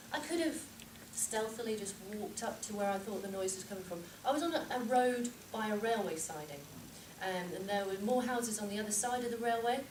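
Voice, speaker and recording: A woman giving a humorous club speech, telling a story with lively shouted reenactments. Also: medium pitch, fairly quick, few pauses. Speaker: contest speaker. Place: club meeting room with audience. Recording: echoey room from far off, noisy.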